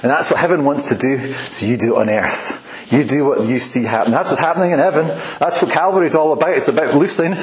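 A man preaching a sermon in a relaxed, chatty way, often laughing at his own asides. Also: fairly high pitch, brisk, hardly any pauses, reverberant, rough recording. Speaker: pastor.

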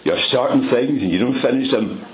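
An older man preaching a sermon, telling stories and stressing words with big rises and low drops. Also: moderate pace, low-quality recording.

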